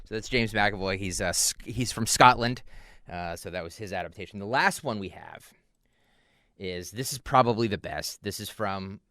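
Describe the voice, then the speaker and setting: A man hosting a casual radio chat, relaxed and chatty as he sets up clips. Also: fairly low pitch, moderate pace. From Philadelphia area. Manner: relaxed, chatty, with filler words. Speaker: radio host.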